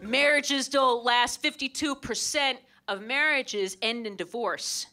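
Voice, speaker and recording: A woman's voice: fairly high pitch, slow pace, over loud music. A pregnant woman comedian doing a sarcastic, playfully petty stand-up set on stage before a live audience. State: heavily pregnant. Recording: live crowd laughter and room noise.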